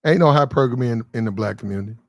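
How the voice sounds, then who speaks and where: A man's voice: mid-range voice, racing, gravelly, darkish tone, no room sound, dull audio. Man, livestream host, blunt and disbelieving, swears casually; dry, close sound. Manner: blunt, incredulous, swears freely. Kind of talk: casual commentary.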